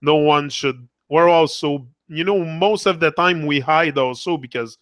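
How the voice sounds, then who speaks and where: A man with a Quebec French accent rambles through a casual live monologue and keeps answering a viewer while he cusses freely. His voice sits a little high and comes across bright and forceful. The sound is dry and close. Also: measured pace, dry recording. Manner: rambling, swears freely, talks back to a viewer. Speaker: motivational live streamer.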